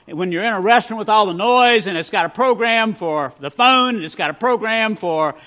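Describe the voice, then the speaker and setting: A man's voice: high-pitched, a little fast, pushed and bright. A man doing a boastful hearing-aid owner. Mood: bragging. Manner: eager, listing features. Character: boastful man bragging about his new hearing aid.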